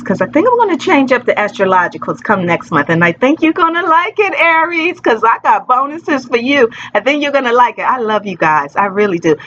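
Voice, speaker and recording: A woman's voice: medium pitch, a bit bright, muffled recording, slight background noise. A woman reading tarot in a casual, playful, rambling chat to her viewers. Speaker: tarot reader.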